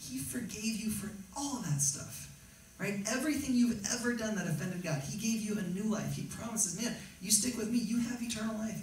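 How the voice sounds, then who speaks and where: A man with a high voice preaching to his congregation, casual and emphatic, checking in with a steady "right?". He sounds some way from the mic in a very reverberant church sanctuary, with a faint hiss underneath. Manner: conversational, emphatic, often asks "right?". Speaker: pastor. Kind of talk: sermon. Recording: very echoey church hall, mic at a distance.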